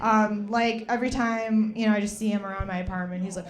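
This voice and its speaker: A woman's voice: mid-range voice, little pitch movement, fast talker. A young woman performing a stand-up comedy set, chatty and rambling, with lots of fillers.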